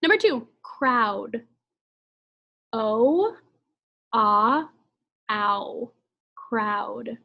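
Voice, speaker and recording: Slow-paced teacher woman sounding out vowels. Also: on the high side, expressive, muffled recording. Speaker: second grade teacher. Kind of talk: online phonics lesson.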